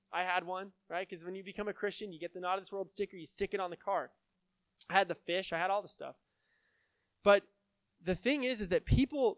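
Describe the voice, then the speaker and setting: A young man delivering a sermon in a loose, conversational way, often checking in with "right?" and "okay?". His voice sits high for a man. The sound is close and dry, with little room around it. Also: no room sound. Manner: casual, conversational preaching with frequent "right?" and "like". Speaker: pastor.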